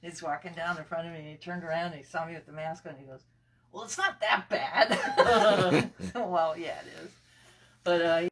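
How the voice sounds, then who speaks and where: A man's voice: a little high, level tone, quick pace, far from the mic. A man speaks through a face mask, so his words come out muffled. He rambles, restarts and scatters fillers as he talks. His voice sits a little away from the microphone. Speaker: collector and estate seller. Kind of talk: casual interview chat.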